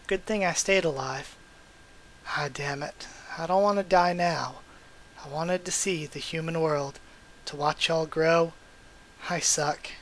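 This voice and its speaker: A man voicing a weary, guilt-ridden adult male survivor, with a quiet, resigned reading voice. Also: a little high, measured pace, a little hiss or hum, poor audio. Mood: wistful.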